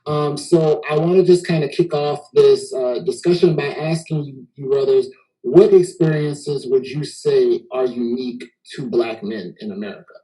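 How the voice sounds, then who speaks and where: A man's voice: a little high, normal speed, dark tone, poor audio. A man from Texas hosting a casual panel discussion, easygoing and joking, often repeating words as he gets going. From Houston, Texas. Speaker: host.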